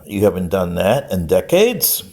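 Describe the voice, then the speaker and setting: A man's voice: sits low, big pitch swings, unhurried, a little mellow. An older man giving a rambling, scolding lecture-style monologue straight to the camera. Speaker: vlogger.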